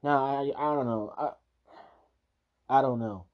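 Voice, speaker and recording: A man's voice: medium pitch, measured pace, highs cut off. A man reacting to a news clip with heated, profane ranting full of restarts. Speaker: video reactor. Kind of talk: casual reaction commentary.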